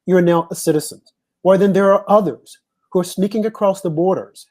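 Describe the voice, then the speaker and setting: A man's voice: high-pitched, fairly quick, mellow. An American man hosting a casual discussion, giving his views in an opinionated, emphatic way. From United States.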